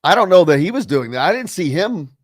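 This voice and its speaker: A man's voice: high-pitched, sing-song, fairly quick, dry recording, clean studio sound. A man hosting a casual sports talk radio show, rambling loosely with plenty of fillers and reading listener comments aloud.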